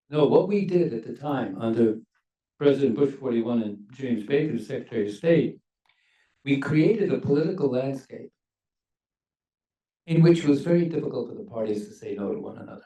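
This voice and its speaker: An older former diplomat speaks on a university panel with a gravelly, mellow voice. He is measured and emphatic, leaning hard on key words. He sounds a little off-mic in an echoey hall. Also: medium pitch, far from the mic. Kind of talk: panel discussion remarks.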